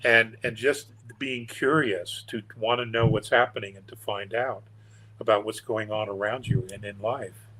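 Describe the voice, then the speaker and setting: A man's voice: lowish voice, steady tone, normal speed, bright, forceful tone, poor audio. An older man, a guest on an interview show, telling stories in a meandering, earnest and wry way. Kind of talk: casual storytelling interview.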